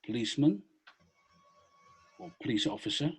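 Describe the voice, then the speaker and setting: A man's voice: mid-range voice, big pitch swings, normal speed, slightly rough. A middle-aged man, a former police officer, telling a story on a video call with many hesitant restarts. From Britain. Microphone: laptop on a video call.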